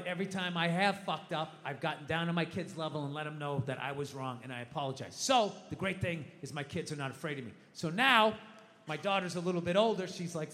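A man doing profane, animated stand-up storytelling, mock-ranting about home life on a live stage. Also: a little high. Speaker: stand-up comedian. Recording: long hall reverb, faint noise.

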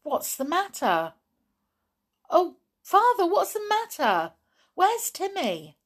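A woman voicing an anxious, urgent young girl in an audiobook reading, pitched high and breathless. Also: very animated, measured pace, full character voice.

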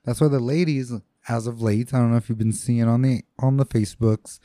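A man's voice: medium pitch, fairly even intonation, a little fast, dark tone, dry recording, clean studio sound. A man in casual chat, laid-back and profane, often chiming in with agreement.

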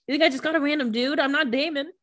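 A woman's voice: high-pitched, fairly even intonation, fairly bright tone. A woman co-hosting a casual podcast, tossing in playful, profane jokes about a TV episode. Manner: playful and profane, quick jokey asides. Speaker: podcast co-host. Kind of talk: casual chat.

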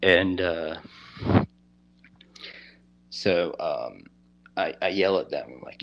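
Deep-voiced man rambling through a story. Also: lively intonation, vocal fry, fairly bright tone, highs cut off. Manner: rambling, halting, heavy on "you know" and "like". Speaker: guest telling a personal story. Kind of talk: casual storytelling.

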